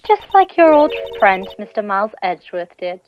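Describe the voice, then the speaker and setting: A woman's voice: mid-range voice, very animated, moderate pace, dull audio, slight background noise, natural voice. A woman voicing a smug, theatrical female prosecutor in a game dub, mocking and dramatic. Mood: haughty. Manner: mocking, dramatic line reading. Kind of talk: dubbing game text aloud with friends.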